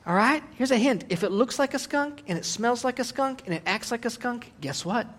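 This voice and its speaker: A middle-aged man preaching a sermon as a pastor, animated and joking, acting out voices as he goes. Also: very high-pitched, brisk.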